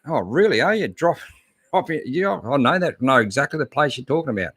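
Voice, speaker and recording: A man's voice: on the high side, lively intonation, brisk, fairly bright tone, no room sound, studio quality. A middle-aged Australian man hosting a live-stream chat, laid-back and chatty, greeting viewers and answering their questions with plenty of fillers. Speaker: host.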